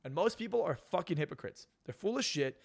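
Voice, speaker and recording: A man's voice: sits high, animated, a little fast, creaky. A man on a podcast talking bluntly and profanely, ranting with strong opinions. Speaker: podcast guest. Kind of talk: casual podcast talk.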